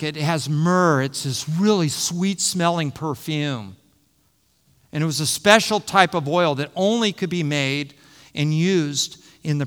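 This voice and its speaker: High-voiced male pastor in a reverberant hall. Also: a bit bright, clean tone. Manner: teaching, repeats phrases for emphasis. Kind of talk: expository sermon.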